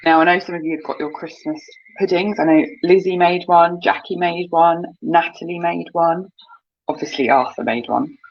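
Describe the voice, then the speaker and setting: Upbeat co-host, husky tone, chats to viewers, lo-fi live audio. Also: medium pitch, fairly even intonation, moderate pace. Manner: chatty, upbeat, addresses viewers. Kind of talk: casual live cooking show chat. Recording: dull lo-fi sound.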